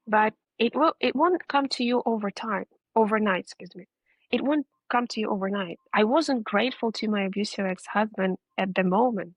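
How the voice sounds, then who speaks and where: A woman's voice: medium pitch, moderate pace, no room sound, dull audio. A woman guest in a conversational interview, talking in an earnest, encouraging way. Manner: earnest, encouraging, acts out reactions.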